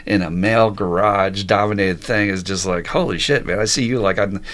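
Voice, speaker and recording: A man's voice: on the low side, normal speed, fairly bright tone. A man hosting a podcast interview, chatting casually and enthusiastically, swearing freely and laughing often. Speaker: podcast host.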